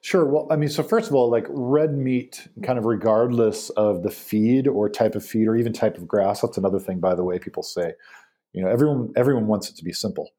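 A guest expert on beef talks casually on a podcast, slipping easily into animated anecdotes. His low, warm voice has a slightly husky edge, and he speaks a little fast in loose runs broken by fillers and restarts.

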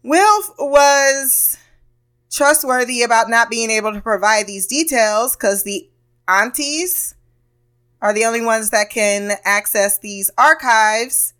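A woman's voice: on the high side, slow, bright, forceful tone, clean tone. A woman hosting a podcast, recapping a TV episode in a loose, blunt and profane way, laughing often and acting out characters' lines. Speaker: podcast host.

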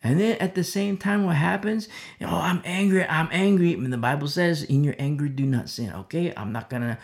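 A man preaching a sermon as pastor, swinging between loud emphatic lines and hushed near-whispers. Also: fairly high pitch, lively intonation, a little fast, vocal fry. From America.

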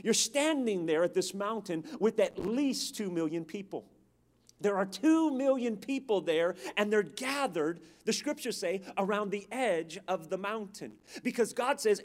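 A man's voice: high-pitched, expressive, normal speed. A man preaching a sermon, dramatic and emphatic, with call-and-response to the congregation.

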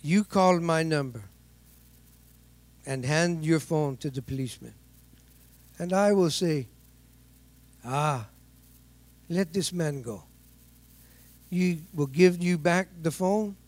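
A man voicing a stern, middle-aged male police officer who speaks slow, measured, broken English. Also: a little high, darkish tone, dry recording. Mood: matter-of-fact.

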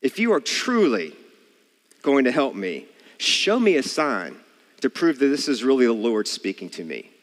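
A man's voice: mid-range voice, big pitch swings, normal speed, big-room sound. A man reading the part of a doubting young male farmer aloud in a sermon, pleading and questioning in his everyday voice.

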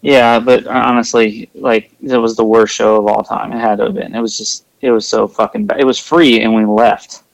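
A man co-hosting a casual movie watch-along podcast, easygoing and quick to laugh, sharing film trivia. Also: mid-range voice, level tone, creaky, no echo, rough recording. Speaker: podcast co-host.

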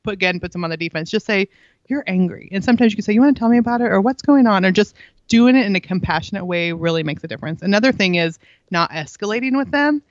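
A middle-aged woman guests on a parenting interview, telling earnest stories, acting out what people said to her, and laughing often. Her mid-range voice is animated and fast. The recording has no echo but the highs are cut off.

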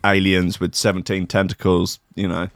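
A man's voice: low voice, monotone, moderate pace, fairly bright tone, clean tone, no echo, clean studio sound. A man, co-hosting a podcast with crude, laughing banter. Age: 30s. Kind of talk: casual comedic chat.

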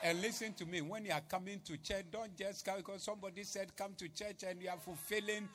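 A man preaching a sermon, swinging from hushed asides to loud, chanted, repeated declarations. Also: high-pitched, steady tone, a little fast, background noise.

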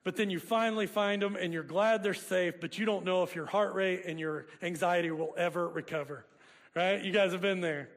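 A man's voice: high voice, fairly even intonation, moderate pace. A man preaching a sermon, joking and chatting with the congregation in a conversational way. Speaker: pastor. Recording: long hall reverb.

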